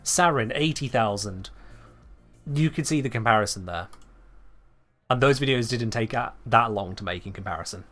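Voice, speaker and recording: A man's voice: mid-range voice, lively intonation, normal speed, long pauses, a bit bright, faint music behind. A man from England with an English accent, chatting casually and wryly to his live-stream chat. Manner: chatty, wry, talking to chat. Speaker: game streamer.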